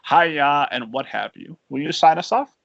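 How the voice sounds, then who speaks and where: A man's voice: fairly high pitch, moderate pace, gravelly, no echo. A man from Indiana hosting a podcast interview in casual chat, joking and laughing easily. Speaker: podcast host. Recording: dull, dry lo-fi audio.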